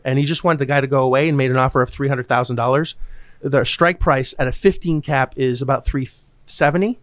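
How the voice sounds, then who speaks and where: A man's voice: mid-range voice, brisk, dry recording. A man talking about real estate deals in a casual, blunt way, swearing freely and acting out what others said. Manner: blunt, swears freely, acts out quoted voices. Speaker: podcast host, real estate investor. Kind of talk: casual chat.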